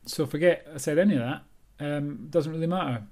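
A man's voice: a little high, a little fast, darkish tone. A Scottish author hosting his own podcast, talking alone in a rambling, self-deprecating, chatty way. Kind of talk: casual solo podcast monologue.

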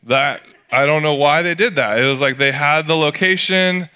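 A man from California delivers a sermon with an easygoing, storytelling feel. His voice is bright and forward, with a smooth, clear tone. Middle-aged, he drops in jokey asides as he talks. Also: on the high side, moderate pace. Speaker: pastor.

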